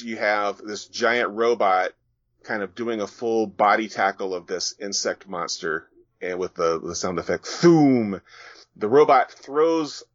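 A man's voice: on the low side, a bit bright, dry recording. A man, a graphic novelist guest on a podcast, casually walking listeners through his comic page by page. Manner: casual, descriptive, with fillers. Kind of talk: reading and describing his comic. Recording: dull, dry sound.

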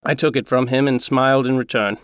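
A man reading a Christmas story aloud in a measured, earnest way. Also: medium pitch, steady tone, fairly bright tone, no room sound, studio quality.

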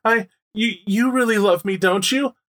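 A man voicing a lovestruck female werewolf who gushes in a high, sniffling voice. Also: moderate pace, fairly bright tone. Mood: lovesick. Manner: gushing high-pitched sniffling voice.

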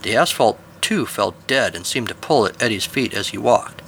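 A man's voice: on the low side, animated, moderate pace, gravelly, fairly bright tone, a little hiss or hum. A man hosting a podcast, reading a scripted spooky story and outro with a dry, wry delivery.

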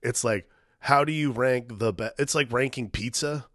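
A man co-hosting a casual film podcast, relaxed and rambling, with frequent restarts and some swearing. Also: mid-range voice, moderate pace, no room sound, studio quality. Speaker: podcast co-host.

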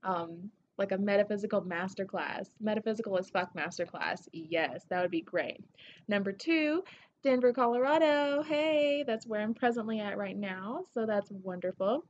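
A woman from Tennessee with a Southern accent, hosting her podcast in an excitable, gushing, casual way that swears freely. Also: mid-range voice, moderate pace, few pauses, muffled recording, a little hiss or hum. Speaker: podcast host. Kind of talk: casual solo podcast shout-outs.

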